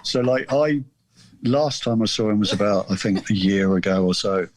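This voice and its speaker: A man's voice: fairly low pitch, steady tone, normal speed, a little mellow. A man around sixty, a guest author telling a rambling, amused anecdote in casual chat.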